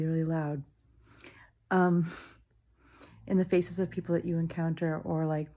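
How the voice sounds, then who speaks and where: A woman's voice: sits low, gravelly, mellow, husky. A middle-aged woman talking to camera in her childhood home, musing aloud with wry, self-deprecating humor and frequent ums. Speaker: vlogger. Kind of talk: casual reflective monologue.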